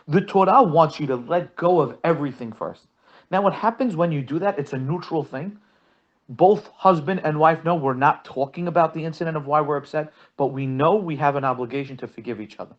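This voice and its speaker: A man's voice: a little high, expressive, normal speed, lo-fi sound. A man teaching as a rabbi, telling examples and often repeating his first words. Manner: repeats words when starting sentences, acts out quotes. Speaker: rabbi teaching a marriage course. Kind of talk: lesson with storytelling examples.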